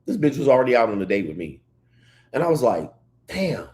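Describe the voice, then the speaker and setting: A man hosting a casual livestream, reading chat comments and telling stories in an animated way. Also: mid-range voice, quick pace. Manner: animated storytelling, reads chat comments aloud. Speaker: livestream host.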